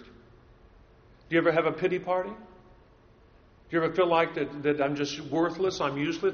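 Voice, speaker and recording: An earnest male preacher delivering a sermon, driving points home by repeating key phrases. His voice sits a little high for a man. The recording is dull and lo-fi. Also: a bit bright. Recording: dull lo-fi sound.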